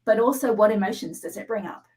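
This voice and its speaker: Woman guest, even-tempered teacher voice, steady and step-by-step, keeps asking "right?". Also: mid-range voice, quick pace, poor audio. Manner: calm, instructive, frequent "right?" check-ins. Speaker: EFT tapping practitioner, guest. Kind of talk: explaining a technique on a live show.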